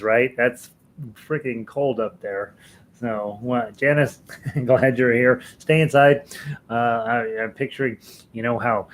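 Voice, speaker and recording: An American man hosts a live ukulele lesson stream, chatting casually with viewers, chuckling often, and rambling with fillers and restarts. His voice is medium in pitch, and the audio is poor with slight background noise.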